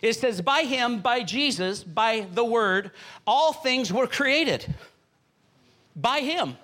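High, bright-voiced man preaching fervently. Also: animated, slow pace. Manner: fervent preaching, rhythmic repetition and calls to the congregation. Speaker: pastor. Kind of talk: sermon.

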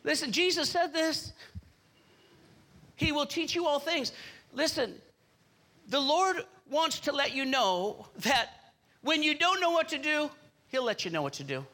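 Here a man preaches from the pulpit, his high voice ringing bright and strong as he stresses his points and calls out for the congregation's response. The sermon is animated yet measured in pace, broken by frequent pauses.

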